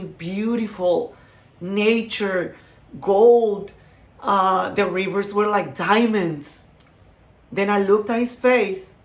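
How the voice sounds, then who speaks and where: A man in his thirties whose first language is Spanish, giving an earnest personal faith testimony in short, halting phrases. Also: sits high. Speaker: creator of a healing channel.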